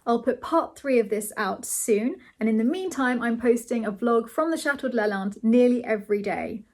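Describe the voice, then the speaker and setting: A woman hosting her channel and reading a novel aloud, signing off in a gentle, friendly way. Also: on the high side, expressive, normal speed. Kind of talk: storybook reading.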